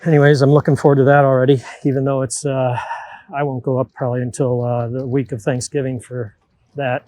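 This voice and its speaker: A man's voice: mid-range voice, level tone, brisk, darkish tone, rough recording. A middle-aged man, a boat mechanic, chatting casually to the camera and explaining his repair work step by step. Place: on and around boats at a marina.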